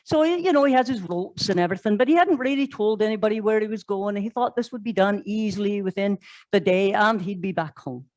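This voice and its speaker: A woman's voice: mid-range voice, a little fast, darkish tone, no echo, rough recording. A woman pastor, preaching a sermon in a conversational way, telling stories and asking rhetorical questions. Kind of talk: sermon storytelling. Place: church.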